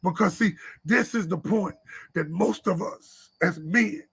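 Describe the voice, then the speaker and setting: A man preaching a sermon to a men's meeting at church, repeating his points and sometimes shouting. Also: sits high, measured pace, vocal fry, husky. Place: church live stream.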